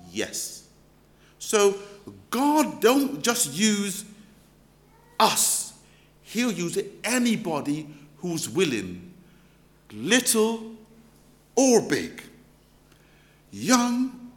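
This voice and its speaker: A pastor preaches in a high voice that swoops up and down, unhurried and deliberate. He tells the story with humour and animation. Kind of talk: storytelling sermon.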